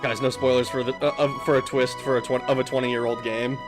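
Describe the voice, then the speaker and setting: A man's voice: medium pitch, flat delivery, quick pace, music in the background. A man streaming a video game who talks casually, swears often and laughs a lot. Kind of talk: let's play commentary.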